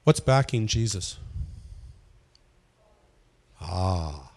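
A man's voice: sits low, lively intonation, very slow, gravelly, darkish tone. A man giving an informal teaching sermon, asking the room questions and chuckling often. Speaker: pastor leading a Bible study.

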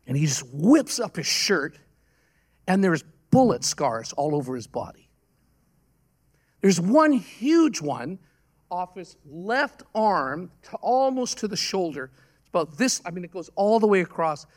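A man delivers a sermon in a noticeably high voice. His delivery is conversational and earnest, full of stories told with halting restarts and self-corrections. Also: very animated. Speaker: pastor.

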